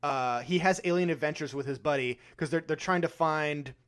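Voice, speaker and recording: A man's voice: fairly high pitch, moderate pace, fairly bright tone. Laughing, swearing podcast co-host man. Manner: laughs often, swears casually. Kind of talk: casual chat.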